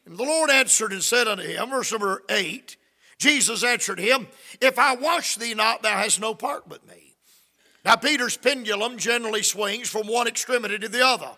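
A man's voice: sits high, normal speed, pushed and bright, in a large hall. A man preaching a fervent sermon, reading scripture and acting out the quoted lines.

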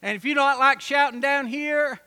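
High bright folksy preacher. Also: male voice, normal speed. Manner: folksy preaching, swings from soft to shouting. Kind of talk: sermon.

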